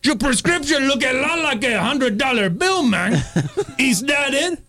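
A man's voice: very high voice, animated, unhurried, bright, forceful tone, heavily acted. A man playing a swaggering, menacing male gangster pharmacist in a comedy sketch, with a thick put-on accent and broken grammar, threatening and laughing at his own jokes. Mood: mocking.

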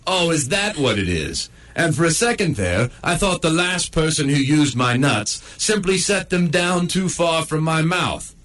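A man's voice: a little high, animated, unhurried, hardly any pauses, a bit bright. A man voicing a grumpy, sarcastic male dog stuck in a cone, in a comedic inner monologue. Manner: sardonic, self-pitying and crude.

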